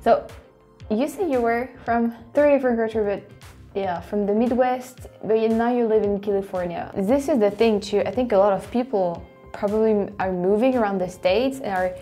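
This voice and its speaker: A woman's voice: fairly high pitch, moderate pace, soft background music. A woman with a French accent, a native French speaker, hosting a video and reacting effusively to clips she plays. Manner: excitable, effusive. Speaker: host. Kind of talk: casual reaction commentary.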